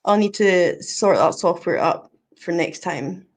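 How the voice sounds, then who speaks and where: A middle-aged Scottish woman hosting a casual live stream, chatty and giggly, fumbling with the software as she talks to viewers. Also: fairly low pitch, unhurried. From Scotland.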